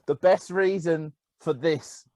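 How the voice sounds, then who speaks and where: Animated man telling football stories. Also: on the high side, slow pace, heavy background noise. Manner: animated storytelling, laughing. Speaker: podcast co-host. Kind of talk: casual football chat.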